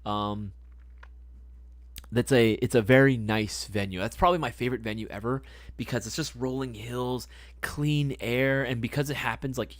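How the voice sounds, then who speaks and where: A man's voice: mid-range voice, no room sound. Laid-back young man chatting on stream. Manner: laid-back, slangy, swears, repeats phrases. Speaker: livestream host answering chat. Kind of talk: casual live-stream chat.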